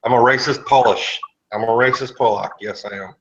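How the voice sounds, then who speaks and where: A man's voice: medium pitch, brisk, noisy background. A man with a mid-range voice throws back dry, sarcastic jabs in an online voice chat. He talks casually, and his voice sounds muffled through lo-fi chat audio. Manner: sarcastic, trades insults. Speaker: voice chat participant.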